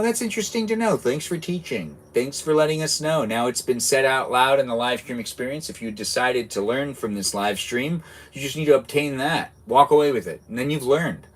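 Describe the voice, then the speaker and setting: A young man rambles chattily on his live game stream. His pitch is middling and his talk loose and conversational, often trailing off and restarting. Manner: rambling, chatty, self-interrupting. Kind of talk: casual gaming live stream chat.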